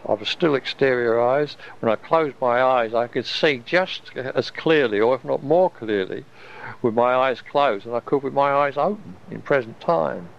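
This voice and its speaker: A man recounts an experience in a rambling, wondering way, breaking off and restarting his sentences. His voice is gravelly and mid-pitched. The recording is dull and lo-fi. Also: normal speed. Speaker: storyteller recalling an experience. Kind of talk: casual personal storytelling.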